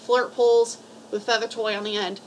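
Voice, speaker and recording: A woman's voice: on the high side, flat delivery, moderate pace, a little hiss or hum, low-quality recording. A woman from a cat rescue giving casual, blunt advice to camera, rambling and swearing freely.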